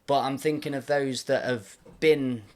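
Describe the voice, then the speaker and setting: A man hosting a podcast, reflecting aloud and gently affirming his guest. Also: mid-range voice, fairly even intonation, measured pace. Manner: thoughtful, affirming, many soft backchannels. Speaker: podcast host. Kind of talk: reflective interview chat.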